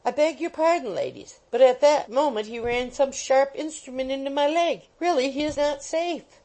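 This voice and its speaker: A woman voicing a kindly, fussy older gentleman who speaks politely and gets flustered. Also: sits high, expressive, moderate pace, voice pushed up. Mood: startled.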